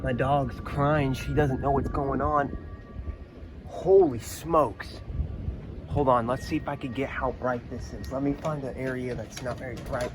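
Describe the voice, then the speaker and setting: A man's voice: medium pitch, a little slow. A man, talking in a casual vlog style, awed and nervous as he films a thunderstorm outdoors. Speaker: vlogger filming a storm. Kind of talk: casual handheld vlog narration. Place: outdoors during a thunderstorm with rain. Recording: outdoor phone audio, steady storm noise.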